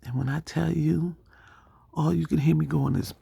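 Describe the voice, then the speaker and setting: A woman casually telling a story, animated, acting out the people she quotes. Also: low voice, normal speed, gravelly, husky, dry recording. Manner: animated, acts out quoted dialogue.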